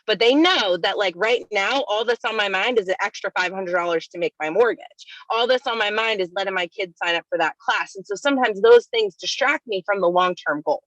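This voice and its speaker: A woman's voice: mid-range voice, brisk, few pauses, a bit bright, no echo, muffled recording. Upbeat woman giving a team recap. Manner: upbeat, addresses listeners as "you guys". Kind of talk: energetic motivational recap.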